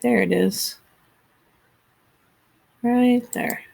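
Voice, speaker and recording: Teacher woman with a gravelly creak. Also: fairly high pitch, extremely slow, darkish tone. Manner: patient, step-by-step instructions to students. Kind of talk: screen-recorded class tutorial.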